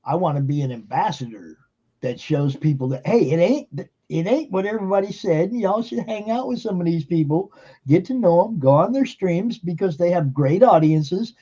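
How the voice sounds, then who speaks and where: A man's voice: high-pitched, lively intonation, normal speed, warm tone, breathy edge, muffled recording. A man hosting a live stream, talking casually and emphatically with lots of fillers and swearing. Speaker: streamer and show host. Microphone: computer mic on a live stream.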